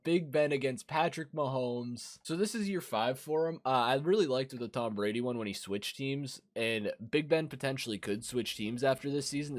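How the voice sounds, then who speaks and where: A young man with a raspy voice from a cold, commentating a football video game and yelling at big plays. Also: mid-range voice. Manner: excitable, yells at big plays. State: hoarse from a cold. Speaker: gaming commentator.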